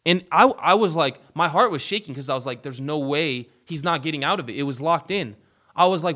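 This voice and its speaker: A male show host gives casual sports commentary in his own voice. He is animated and profane, jumping from loud outbursts to quiet, muttered asides. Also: a little high, brisk.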